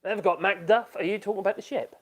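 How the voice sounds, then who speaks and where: A fast-talking man with a high-sitting voice hosts a relaxed live stream out of his home workshop. He chats loosely, laughs frequently, and reads and reacts to comments from viewers.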